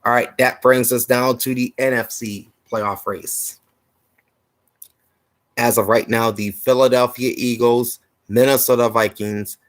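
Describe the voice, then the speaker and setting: A man's voice: medium pitch, a bit bright, dry recording, poor audio. A man hosting a sports show, steadily reading playoff standings and stats and sounding slightly tired. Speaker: host.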